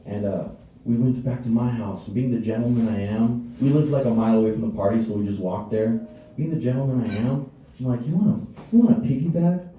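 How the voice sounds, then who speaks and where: A man's voice: fairly low pitch, a little fast, highs cut off, slight background noise. Profane young man telling stand-up stories. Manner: crude, profane storytelling with acted-out voices. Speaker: stand-up comedian. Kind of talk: stand-up set. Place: comedy stage before a live audience. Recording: distant, roomy live stage sound.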